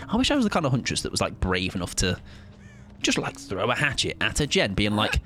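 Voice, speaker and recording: A man's voice: mid-range voice, very animated, a little fast, a bit bright, a little hiss or hum. A man streaming a game, chatting casually in a self-mocking, playful way. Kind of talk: casual gaming commentary.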